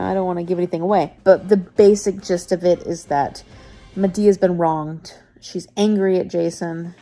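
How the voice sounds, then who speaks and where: A woman's voice: fairly low pitch, mellow. A young adult woman chatting casually to camera as a book vlogger, tired, laughing often and retelling loosely with restarts. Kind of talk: casual vlog chat to camera.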